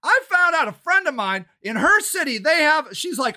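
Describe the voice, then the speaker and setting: Older guy, furious profane rant, high strained sharp tone. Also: sing-song, moderate pace, few pauses. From Ohio, United States. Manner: profane, shouting and agitated. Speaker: city council candidate and activist. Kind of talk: angry monologue rant.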